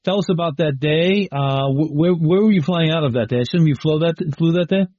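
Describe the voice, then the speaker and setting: Man, interview host, halting questions, dry dull lo-fi sound. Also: a little high, darkish tone, dry recording.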